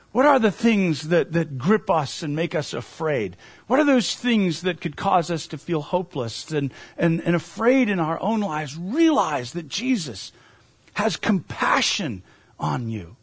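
A man's voice: sits high, breathy edge, dry recording. A man preaching a sermon as a pastor, earnest and emphatic, asking his listeners questions.

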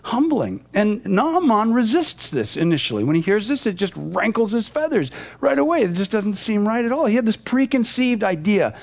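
A man's voice: high-pitched, very animated, moderate pace, vocal fry, few pauses. A man teaching a Bible passage verse by verse, explaining and retelling it in a conversational way.

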